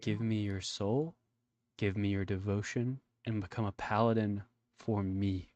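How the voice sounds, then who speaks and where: A man voicing a menacing male devil cult leader in a tabletop game, speaking slowly and coldly. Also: steady tone, darkish tone, dry recording, lo-fi sound, natural voice. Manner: slow, low and cold.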